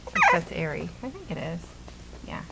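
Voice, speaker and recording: A woman's voice: on the low side, wildly swooping pitch, a little fast, gravelly. A woman filming a litter of puppies at home, talking casually and cooing at them in baby talk on a camera mic. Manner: coos and baby-talks at the puppies. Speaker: puppy owner filming a litter. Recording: loud background noise, home video.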